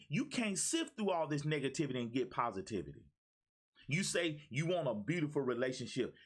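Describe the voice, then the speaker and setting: A man who is a life coach, giving a preachy, repetitive motivational talk on a live stream and calling out viewers by name. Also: fairly high pitch.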